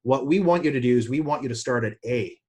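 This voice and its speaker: Delivering a seminar talk as a business coach, a man speaks fast in a conversational, energetic way, his pitch leaping up suddenly when he gets excited.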